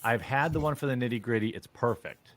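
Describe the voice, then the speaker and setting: A man's voice: medium pitch, a little fast, slight background noise. A man giving casual commentary as a streamer, blunt and opinionated in a mock-serious way.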